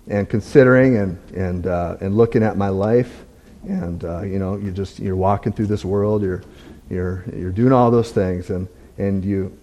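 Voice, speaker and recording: A man giving a candid, self-deprecating testimony in church, talking in a halting, conversational way with many restarts. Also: on the low side, dark tone. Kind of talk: conversational sermon talk.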